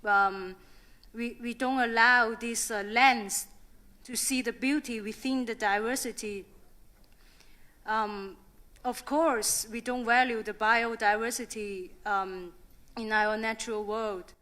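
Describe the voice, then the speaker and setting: A middle-aged woman, a native Thai speaker, giving an unscripted speech at a youth conference, pausing often with fillers and restarts. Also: on the high side, fairly even intonation, pushed and bright. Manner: hesitant, many fillers and restarts.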